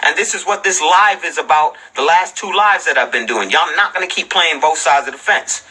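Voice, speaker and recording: A man rants into his livestream mic, combative and profane, hammering his listeners with rhetorical questions. His voice sits high for a man and sounds husky, with a piercingly bright, cutting edge. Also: normal speed, low-quality recording. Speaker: livestream host. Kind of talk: ranting livestream commentary.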